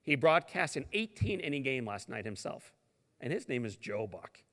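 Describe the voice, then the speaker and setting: A middle-aged man from St. Louis gives a motivational keynote in a large hall, and his voice carries a gravelly edge. He tells the story dramatically, swinging from loud, booming lines down to hushed whispers, and a long reverb trails after each phrase. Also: very animated, normal speed. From St. Louis, Missouri. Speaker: keynote speaker.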